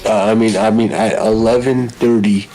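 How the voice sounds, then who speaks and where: Stammering young man, lowish voice. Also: steady tone, moderate pace, mellow, soft background music, low-quality recording. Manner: stammering, repeats words. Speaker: friend on call. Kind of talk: casual chat.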